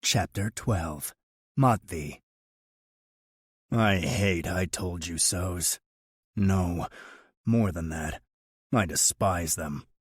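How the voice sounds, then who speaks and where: A man narrates a romance audiobook in a measured, brooding first person. His voice is deep and husky. He speaks extremely slowly, and the recording is dry. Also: no room sound.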